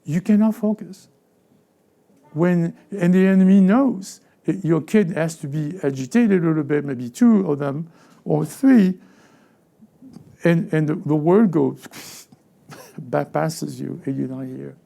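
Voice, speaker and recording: A man's voice: on the high side, measured pace, vocal fry, mellow. A man preaching as lead pastor in a conversational sermon, with frequent stammered restarts and repeated words. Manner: conversational preaching, acting out everyday voices.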